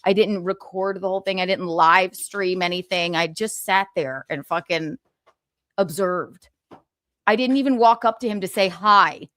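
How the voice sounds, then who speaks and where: A woman's voice: lowish voice, normal speed, a bit bright, no echo, studio quality. A woman in her thirties hosting a livestream, giving casual gossip commentary with sarcastic, profane asides and laughter. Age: 30s. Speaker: livestream host.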